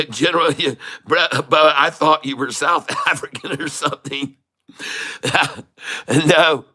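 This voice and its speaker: A man's voice: a little high, slow pace, bright, forceful tone. A middle-aged man hosting his channel, giving live trading commentary and urging viewers to buy and sell. He repeats himself and sometimes jokingly puts on a foreign accent. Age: middle-aged or older. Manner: puts on a playful foreign accent to mix things up; repetitive, hype-style urging to buy and sell. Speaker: day trader and channel host.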